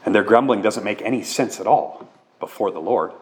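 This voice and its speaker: A man's voice: on the low side, fairly quick, a little mellow. A man who is a pastor, preaching a sermon in an earnest, conversational way with many questions.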